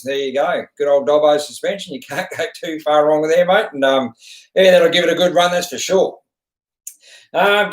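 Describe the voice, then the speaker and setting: A man's voice: on the high side, roomy sound, low-quality recording. A middle-aged Australian man hosting a casual live stream, chatting in a laid-back, rambling way and calling everyone mate. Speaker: host of a live stream answering viewers.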